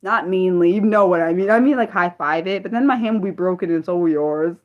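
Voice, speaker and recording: A young woman from the United States hosting a casual livestream, chatting with viewers in an excitable, disbelieving way with many stumbling restarts. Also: lowish voice, a little fast, muffled recording. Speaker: livestream host. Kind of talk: casual livestream chat reading viewer comments.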